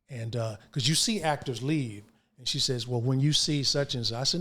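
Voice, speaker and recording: Older man telling animated, slangy stories. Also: mid-range voice, normal speed, hardly any pauses. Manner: animated, acts out quoted dialogue, slangy. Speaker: actor guest. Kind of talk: casual interview storytelling.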